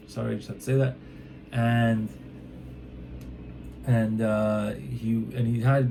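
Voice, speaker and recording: Mellow-voiced man retelling a tale casually. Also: on the low side, slight background noise. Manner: loose and chatty, many fillers and "he's like" quotes. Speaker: storyteller.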